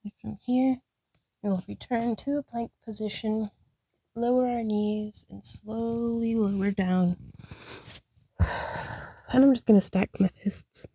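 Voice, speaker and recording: Woman, yoga vlogger talking through poses, out of breath, breathy with sighs, mellow tone, dry close sound. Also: fairly high pitch, steady tone, slow, pauses often, dry recording, low-quality recording. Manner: breathy, sighing between cues; upbeat, self-encouraging. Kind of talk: guided yoga practice narration.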